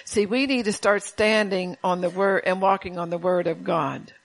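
A woman's voice: on the low side, moderate pace, rough recording. A woman preaching a sermon to a congregation, folksy and chatty, with laughing asides and call-outs to the room.

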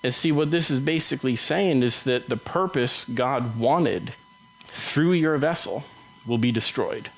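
A man preaching a sermon in a conversational way, now and then acting out quick bits of scripture dialogue. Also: mid-range voice, low-quality recording. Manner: conversational, acts out Bible dialogue in quick voices.

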